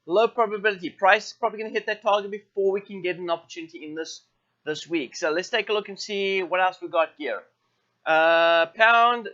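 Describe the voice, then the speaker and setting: A man with a high, bright voice talks through currency charts on a live stream, stopping often to correct himself and fill pauses. The audio is dull and lo-fi, like a streamed broadcast. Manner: thinks aloud with many fillers and self-corrections. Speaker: forex trading show host. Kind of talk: live market walkthrough.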